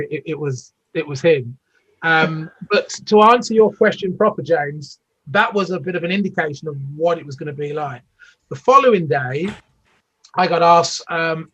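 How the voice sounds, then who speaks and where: His fairly high, fairly bright voice has a husky quality, captured in lo-fi sound. He's a British man in his fifties, a former Olympic athlete, rambling through stories in a casual interview with many fillers and restarts.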